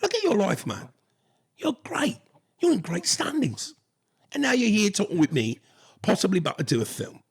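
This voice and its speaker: A man's voice: high voice, huge pitch swings, normal speed, creaky, pauses often, husky, pitched above the performer's own voice, heavily acted. A man putting on the voice of an effusive male film director with a British accent, gushing encouragement.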